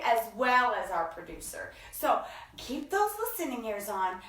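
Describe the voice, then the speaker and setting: A woman hosting a children's story time, reading slowly in a playful sing-song and stretching out her words. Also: sits high, pushed and bright, recorded from a distance, a little hiss or hum. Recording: echoey room, voice from off-mic.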